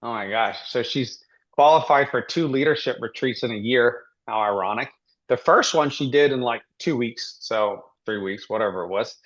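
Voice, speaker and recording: A man hosting a team training interview, asking rambling, halting questions with many restarts. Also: mid-range voice, fairly bright tone, muffled recording. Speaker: host.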